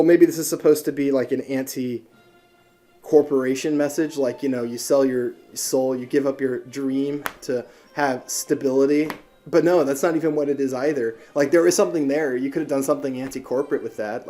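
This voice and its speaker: A man's voice: medium pitch, dark tone. A young man giving a profane, exasperated rant as a movie reviewer.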